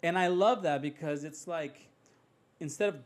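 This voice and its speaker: Appearing as a guest on a podcast, a man who is a father of young children shares an earnest, heartfelt faith testimony in casual talk, acting out prayers in his own voice. His voice is a little high, at a moderate pace.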